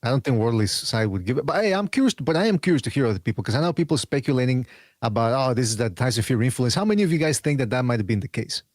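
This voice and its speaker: A man hosts a podcast panel in a quick, tumbling way, stringing sentences together with lots of restarts and fillers. His voice sits in an ordinary middle register and sounds dry and close to the mic. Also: mid-range voice, very animated, a little mellow, no room sound. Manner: rapid, rambling, restarts with many fillers. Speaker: podcast host. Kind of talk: casual panel chat.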